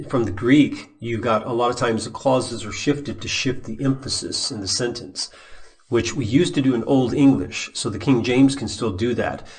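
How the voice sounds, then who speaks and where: A man giving a recorded Bible lesson at his computer, talking casually and thinking aloud with restarts and asides. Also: medium pitch. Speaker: Bible teacher. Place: at a computer, showing a website on screen.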